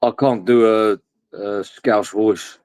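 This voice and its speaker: A man's voice: lowish voice, fairly even intonation, takes it slowly, mellow. Rambling jokey English man. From England. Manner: rambling, jokey, swears freely. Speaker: livestream host. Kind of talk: casual chat.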